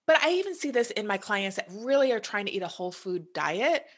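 A woman's voice: medium pitch, big pitch swings, brisk, fairly bright tone. A woman in her thirties or forties from the United States, a health coach talking earnestly with many "you know"s in a casual podcast chat.

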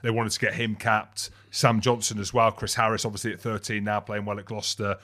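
A young adult man co-hosting a rugby podcast, talking in a rambling, animated way and laughing mid-sentence. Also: fairly low pitch, brisk. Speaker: podcast co-host and rugby commentator. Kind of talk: casual sports chat.

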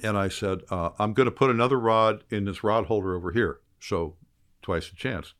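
An older man, a former fishing guide, telling a lively story in casual conversation and shouting out the quoted lines. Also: fairly low pitch, moderate pace.

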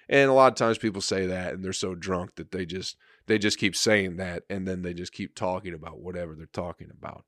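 A man's voice: low voice, brisk, a bit bright, dry recording, clean studio sound. A man, a comedian and podcast host, telling a rambling, profane story in casual chat with frequent laughter.

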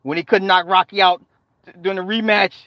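A man with a fairly high voice riffs loosely with his stream chat, cursing freely, laughing easily and hammering his points with repetition. The sound is dull and lo-fi but very dry and close, with no room echo. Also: steady tone, fairly quick, pushed and bright. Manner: profane, joking banter with frequent laughter; talks back to chat, repeats phrases for emphasis. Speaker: live streamer. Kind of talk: casual live-stream chat.

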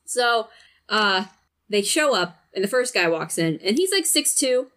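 Woman, casual chat, profane and animated storyteller, mid-range voice. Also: medium pitch, a little slow.

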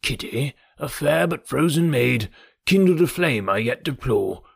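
A man's voice: medium pitch, expressive, a little slow, gravelly, slightly rough, no room sound, studio quality, full character voice. A man doing a fussy, fretful old father. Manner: sighing, fussy, anxious. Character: fretful elderly fond father, gentleman. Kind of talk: audiobook reading.

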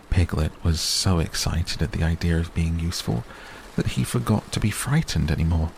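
A man narrating a storybook calmly and soothingly for bedtime listening. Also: low-pitched, vocal fry, a little hiss or hum, low-quality recording. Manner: slow, calm and soothing. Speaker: audiobook narrator. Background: rain sounds.

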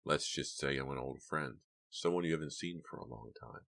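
A man voicing a sinister phone caller who speaks in a raspy whisper. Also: very deep voice, steady tone, moderate pace, fairly bright tone. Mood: menacing.

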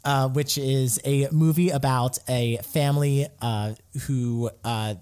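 A man in casual chat on a podcast, reviewing a film with excited, gushing enthusiasm. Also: medium pitch, slow, clean tone. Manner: gushing, excitable, lots of "like" fillers. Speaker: podcast co-host reviewing films.

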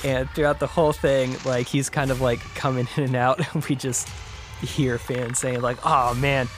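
Animated man retelling a story. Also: moderate pace, over music. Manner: acts out characters with big pitch jumps and whispers. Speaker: podcast co-host. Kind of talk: casual storytelling, pitching a short film idea.

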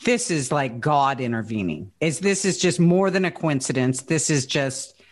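A man's voice: fairly high pitch, expressive, moderate pace. A man hosting an interview, engaged and asking probing follow-up questions. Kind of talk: casual interview.

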